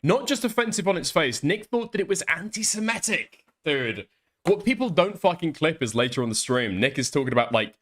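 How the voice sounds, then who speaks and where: A man's voice: on the high side, a little fast. A man co-hosting a commentary show, ranting casually with frequent swearing. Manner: heavy swearing, animated ranting. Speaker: co-host. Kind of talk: casual opinionated chat.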